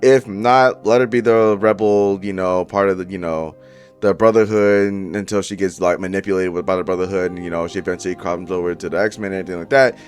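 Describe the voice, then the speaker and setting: A man's voice: deep voice, steady tone, brisk, soft background music. A young man giving casual, profane commentary straight to his viewers, full of slang. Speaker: YouTuber reviewing movie casting.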